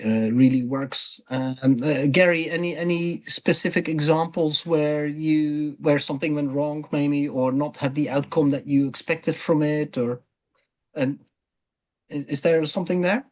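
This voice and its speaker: A man's voice: fairly high pitch, steady tone, measured pace, a little mellow. A man hosting a webinar discussion and asking his guests questions, talking hesitantly with lots of fillers. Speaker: webinar host.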